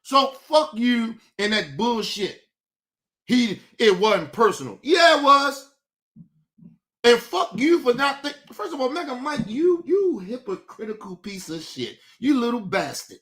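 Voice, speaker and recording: A man's voice: very high-pitched, very animated, measured pace, fairly bright tone. A male streamer hosting his show, ranting in a profane, combative and taunting way. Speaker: host. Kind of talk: livestream commentary rant.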